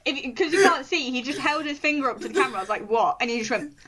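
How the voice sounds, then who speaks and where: A young woman chatting casually on a podcast, animated and quick to laugh as she rants. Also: high voice, background noise. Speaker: podcast co-host. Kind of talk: casual chat.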